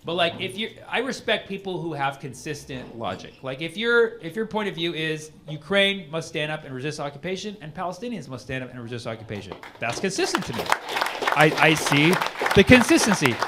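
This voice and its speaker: Male stand-up comic, slightly high voice, conversational delivery, live club sound. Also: big pitch swings, a little fast, a crowd in the background. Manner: conversational, builds to loud punchlines. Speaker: stand-up comedian. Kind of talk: stand-up comedy set. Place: comedy club stage. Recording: live club mic with audience noise.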